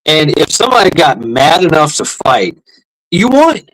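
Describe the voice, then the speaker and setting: A man's voice: on the high side, big pitch swings, moderate pace, fairly bright tone, low-quality recording. Profane rambling man hosting a livestream. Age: middle-aged. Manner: profane, rambling, laughs often, repeats words. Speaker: livestream host. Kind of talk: casual livestream chat.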